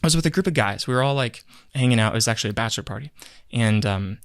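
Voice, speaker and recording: A man's voice: mid-range voice, very fast, no room sound, studio quality. A man co-hosting a podcast, telling a rambling story in a casual chat and acting out what people said. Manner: animated storyteller who acts out what people said; rambling, with many fillers and self-corrections. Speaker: podcast co-host.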